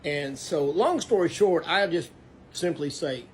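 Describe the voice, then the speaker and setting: A man's voice: fairly high pitch, lively intonation, a little slow, slight background noise. A man from Texas, earnestly telling a personal faith story that turns preachy. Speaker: Christian storyteller. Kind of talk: casual testimony.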